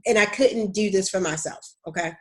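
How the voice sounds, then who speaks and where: A woman's voice: medium pitch, fairly quick, a little mellow. Chatty Baltimore woman career coach. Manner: candid, chatty, addresses viewers as y'all. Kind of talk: live-streamed casual talk to viewers.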